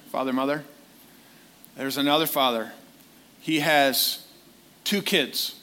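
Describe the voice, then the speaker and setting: Man, preacher, sermon, conversational, slow pace, direct questions to the listeners. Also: on the high side, fairly bright tone.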